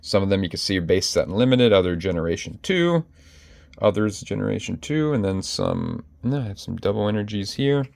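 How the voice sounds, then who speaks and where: A man's voice: on the low side, wildly swooping pitch, fairly quick, gravelly, a little mellow. A man chatting casually to his viewers as he pages through his card collection, often correcting himself mid-sentence. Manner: chatty, self-correcting, addresses viewers directly. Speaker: collector vlogger.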